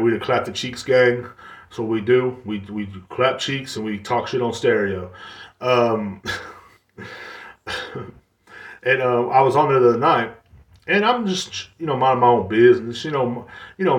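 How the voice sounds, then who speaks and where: A man's voice: mid-range voice, lively intonation, normal speed. Profane ranting man in an echoey room. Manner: profane, rambling, heated. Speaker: podcast host. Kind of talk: casual solo podcast rant.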